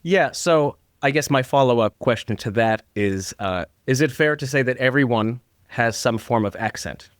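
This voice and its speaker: A man's voice: medium pitch, moderate pace, few pauses, no echo, clean studio sound. A man from northern New Jersey hosting a podcast interview, talking eagerly with frequent restarts. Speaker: podcast host. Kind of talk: conversational interview.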